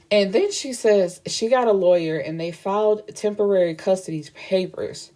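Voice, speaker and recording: A woman's voice: medium pitch, a little slow, darkish tone. A woman retelling a book's plot in a casual, blunt and profane way, acting out the dialogue as she goes. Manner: blunt, profane, chatty storytelling with quoted dialogue. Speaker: book reviewer.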